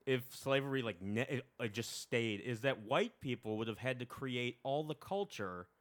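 A man's voice: mid-range voice, animated, normal speed. A man co-hosting a casual podcast, making blunt jokes and trailing into laughs.

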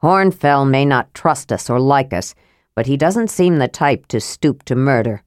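Quiet, worried leader, read by a woman. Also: rumbling low, animated, unhurried, clean tone, no room sound, clean studio sound.

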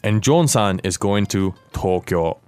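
A man hosting a podcast language lesson, explaining words clearly and asking his co-host questions. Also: fairly low pitch, animated, unhurried, darkish tone, soft background music.

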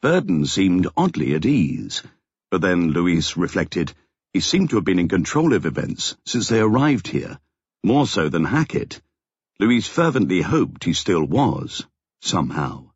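A man reading a story aloud in a measured, steady storytelling manner. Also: low-pitched, slightly rough, dry recording, lo-fi sound. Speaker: audiobook narrator. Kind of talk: scripted narration.

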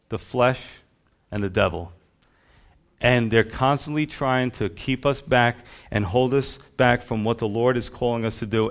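A man preaching a sermon as a pastor, emphatic, with rhythmic lists. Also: medium pitch.

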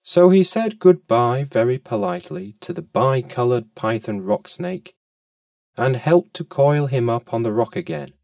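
A man reading a children's story aloud with fond, expressive storytelling, his voice a bit off-mic. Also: medium pitch, measured pace, gravelly, no room sound, studio quality, far from the mic.

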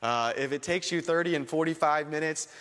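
A pastor teaching a church audience in a conversational sermon style, acting out short dialogues with different voices. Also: male voice, fairly high pitch, a little fast, fairly bright tone. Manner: conversational, acts out little dialogues. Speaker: pastor teaching soul-winning. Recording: long reverb of a large hall.

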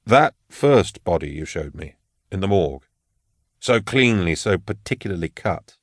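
A quiet, awkward scientist speaks softly and precisely, a little melancholy, as a man reads him in an audiobook. The voice is low and held back. The recording is close and dry. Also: lively intonation, measured pace, no echo. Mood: reserved. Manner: soft, reserved and precise.

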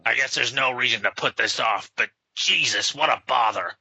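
A man reading aloud and voicing a gruff, contemptuous grown vigilante with curt, scornful lines. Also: mid-range voice, normal speed, sharp tone, no room sound, exaggerated voice. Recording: slightly dull lo-fi sound.

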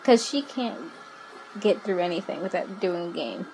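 A woman's voice: fairly low pitch, lively intonation, moderate pace, background noise. A woman co-hosting a podcast in casual chat, frank and wry, often poking fun at herself. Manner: frank, wry, self-deprecating. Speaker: podcast co-host. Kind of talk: casual chat recapping a TV episode.

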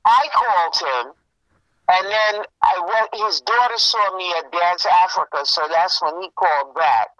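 A woman chatting casually with a friend, telling a story in an animated way and acting out what people said. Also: on the low side, a little slow, no echo. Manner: animated storytelling, acts out quoted exchanges. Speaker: friend in a phone chat. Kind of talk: casual gossip about a funeral. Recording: muffled lo-fi sound.

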